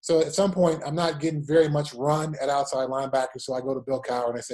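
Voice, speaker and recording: With a mid-range voice, he talks fast and barely pauses. He's a man in his forties, a former football player, relating animated anecdotes in an interview and acting out the quotes.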